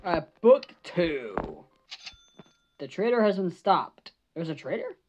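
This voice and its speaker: A woman's voice: lowish voice, big pitch swings, slow, a little mellow, faint music behind. A woman gamer giving live gaming commentary, jumpy, swearing and shrieking at scares, on a slightly dull lo-fi mic.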